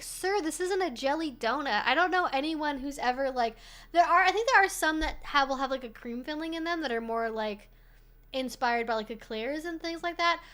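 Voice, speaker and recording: A woman's voice: high voice, fairly bright tone. A woman hosting a casual livestream, rambling along with lots of "like" and frequent swearing. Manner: rambling, swears freely, heavy use of "like". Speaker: streamer host.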